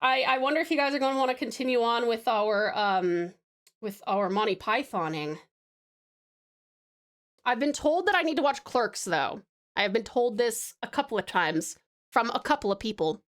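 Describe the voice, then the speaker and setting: A woman with an Australian accent chats casually with her stream chat while she draws, playful and laughing often. Her voice is on the high side, animated and fairly bright, at a normal speed.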